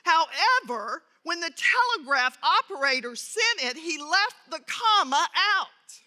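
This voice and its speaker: A woman's voice: very high voice, big pitch swings, a little slow, pushed and bright. A woman teaching a Bible lesson who tells an anecdote, reads scripture aloud and adds earnest commentary. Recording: reverberant hall.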